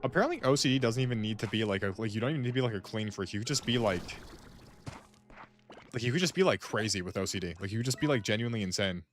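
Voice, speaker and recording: Man, gaming streamer, casual rambling chat, filler-heavy, lowish voice. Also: expressive, rapid-fire, a little hiss or hum. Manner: rambling, heavy use of "like", musing aloud to friends. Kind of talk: casual chat while playing a game.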